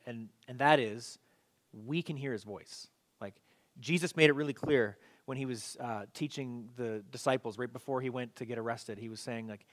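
A man preaching an online church sermon in a relaxed, conversational way, with frequent fillers and restarts. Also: mid-range voice. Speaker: pastor. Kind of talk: casual online sermon and prayer.

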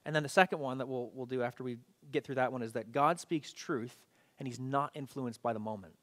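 A man's voice: mid-range voice, brisk. Conversational male preacher. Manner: conversational, animated storytelling with repeats. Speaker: pastor. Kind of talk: sermon.

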